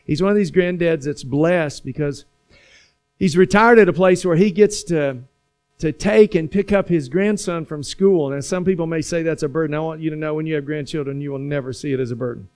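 A man preaching a sermon in a church, repeating phrases and building slowly to emphatic points. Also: fairly high pitch, darkish tone, clear, resonant tone, faint music behind. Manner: preaching with slow emphatic build-ups and repetition. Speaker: pastor. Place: church sanctuary.

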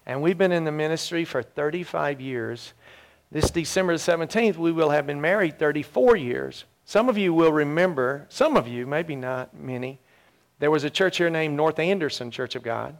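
Gravelly earnest male pastor. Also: a little high, expressive. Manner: earnest storytelling with halting repeats. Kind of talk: sermon testimony.

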